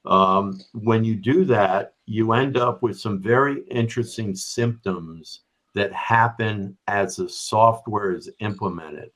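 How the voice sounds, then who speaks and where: A business strategy executive, middle-aged or older, speaks slowly as a remote podcast guest, with a fairly low pitch and fairly bright tone on a low-quality recording. He explains through examples and often checks in with "right?".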